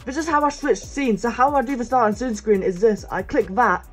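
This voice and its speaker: A teenage gaming YouTuber with a very high, husky, fairly bright voice talks a little fast into a desk microphone, soft music playing behind him. He chats casually while showing off the gaming setup at his desk.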